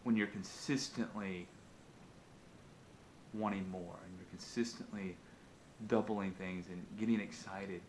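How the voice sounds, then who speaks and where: A man vlogging, telling a motivational fable in an animated, casual way with frequent restarts. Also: low-pitched, a little slow, long pauses, slight background noise. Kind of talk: motivational storytelling.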